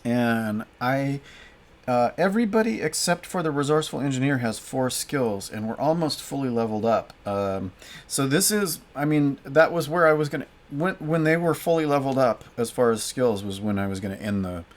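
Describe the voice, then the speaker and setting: A man casually playing a solo card game and reading its story aloud, with lots of fillers and restarts. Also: medium pitch. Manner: halting, many fillers and restarts. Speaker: solo game player and narrator. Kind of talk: casual play-through narration.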